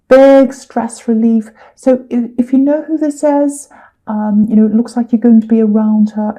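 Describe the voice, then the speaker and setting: A woman's voice: on the high side, dark tone, low-quality recording. A woman giving a chatty tarot reading, full of fillers and repeated words. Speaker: tarot reader.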